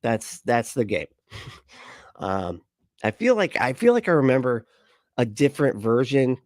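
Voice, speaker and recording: A man's voice: medium pitch, very animated, a little slow, a little mellow, no room sound, studio quality. A man in his thirties hosting a reaction video, rambling in casual commentary with lots of swearing and restarts. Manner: rambling, profane, frequent restarts and laughs.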